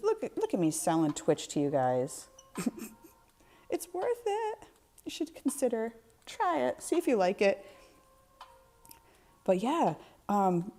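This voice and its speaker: A woman hosts her live art stream in relaxed, chatty talk. She laughs often and answers her viewers by name. Her voice is fairly low and mellow, with faint music playing behind her. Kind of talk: casual live-stream chat.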